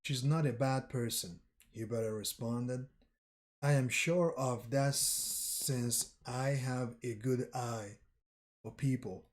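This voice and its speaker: A man voicing an honest, trusting young male junior sorcerer, reading his lines slowly and plainly. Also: medium pitch, close to an everyday voice. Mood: sincere. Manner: slow, plain reading with little voice change.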